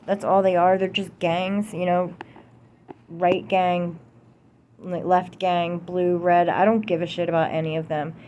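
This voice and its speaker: A woman's voice: fairly low pitch, a little mellow, slight background noise. A young American woman delivering a heated, profane political rant to camera, repeating herself for emphasis. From United States. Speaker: vlogger.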